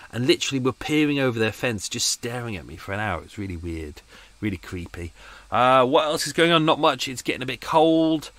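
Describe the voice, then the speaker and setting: A podcast host talks in a loose, rambling way from inside his moored canal boat. His pitch swings widely as he drifts between topics, and he often mocks himself along the way. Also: fairly bright tone, dry recording. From England. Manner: chatty, rambling, self-mocking asides. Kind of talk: casual rambling chat.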